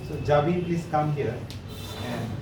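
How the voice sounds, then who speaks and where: A man from Bangladesh teaching English pronunciation in a classroom, saying words slowly one at a time and repeating them. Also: a little high. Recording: echoey classroom, distant mic, noisy.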